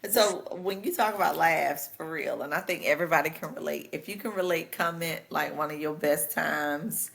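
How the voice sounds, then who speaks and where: A woman's voice: sits low, normal speed, gravelly, few pauses, a bit bright. A woman co-hosting a podcast, chatting casually in a laid-back, jokey, colloquial way. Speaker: podcast co-host. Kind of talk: casual chat.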